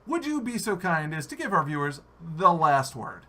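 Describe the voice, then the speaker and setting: An American man hosting a live-stream podcast, animated and jokey, swearing freely. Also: fairly high pitch, normal speed. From United States. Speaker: podcast host. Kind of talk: casual live-stream chat.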